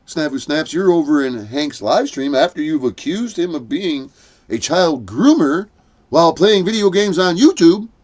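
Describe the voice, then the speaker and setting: Animated, sarcastic commentary man. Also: medium pitch. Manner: sarcastic, swearing, acts out scenes. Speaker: host. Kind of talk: profane drama commentary rant.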